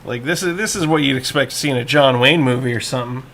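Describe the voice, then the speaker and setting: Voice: mid-range voice, quick pace, vocal fry, fairly bright tone, slight background noise. Chill art stream cohost, dry little jokes, lots of yeahs. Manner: laid-back, agreeable, dry quips. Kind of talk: casual chat while drawing on stream.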